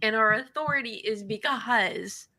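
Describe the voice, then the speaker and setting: A woman's voice: a little high, a little slow, bright, forceful tone. A woman hosting a live panel show, enthusiastic as she guides her guests with questions. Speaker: host.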